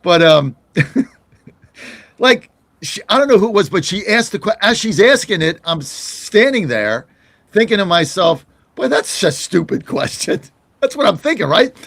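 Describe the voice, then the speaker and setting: A man's voice: high-pitched, very animated, moderate pace, fairly bright tone, no room sound. An American man hosting a political talk show, chatting casually and indignantly, often laughing.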